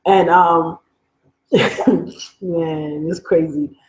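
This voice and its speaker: A woman's voice: sits low, steady tone, drawn-out words, poor audio. A young adult woman from Africa, telling a personal story in a candid, conversational way that wanders and keeps catching itself. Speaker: vlogger.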